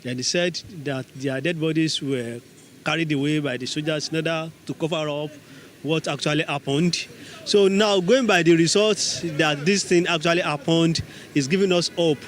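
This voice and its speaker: A Nigerian man giving a hesitant street interview, pausing often with fillers. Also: fairly high pitch, fairly even intonation, faint music behind.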